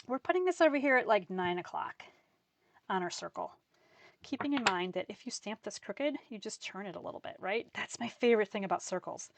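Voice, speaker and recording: A woman leading a live card-making demonstration, full of enthusiasm for her papers and stamps. She talks viewers through every step in a friendly, chatty way, her voice sitting at an ordinary middle pitch. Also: slight background noise. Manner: chatty and enthusiastic, narrating each step aloud. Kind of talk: live craft class demonstration.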